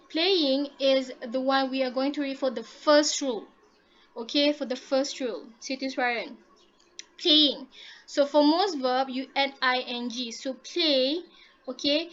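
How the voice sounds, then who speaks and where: A woman leads a grammar lesson, high in pitch, spelling out rules and checking in with "okay?" after nearly every step. Her voice comes through dull and lo-fi, as if over a muffled online-class connection. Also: fairly bright tone. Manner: patient, repeats and checks understanding with "okay?". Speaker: English teacher. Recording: dull lo-fi audio.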